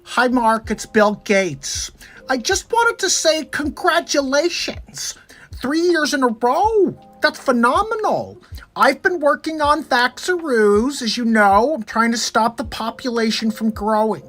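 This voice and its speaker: A performer doing a comedic impression of a nerdy tech billionaire, talking slowly in a high, giggly voice. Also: expressive, fairly bright tone, full character voice. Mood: sly.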